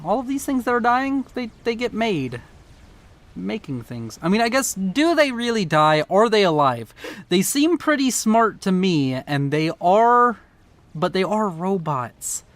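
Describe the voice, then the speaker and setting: A man with a fairly high voice casts a strategy match in loose, excitable commentary. His throat is sore from yelling, and he rambles, swears casually and trips over his words as he drifts off topic. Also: unhurried. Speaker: game caster.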